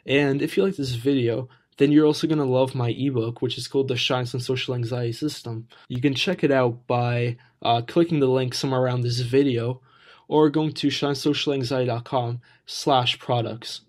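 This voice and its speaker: A man's voice: mid-range voice, fairly even intonation, normal speed, a little mellow. A man giving casual spoken tips on improving the voice, talking plainly with frequent fillers. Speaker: voice and social skills coach. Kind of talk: casual tutorial talk to camera.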